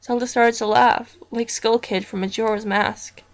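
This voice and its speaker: A woman reading a horror story aloud as narrator, in a slow, deliberate storytelling manner. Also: a little high, fairly even intonation.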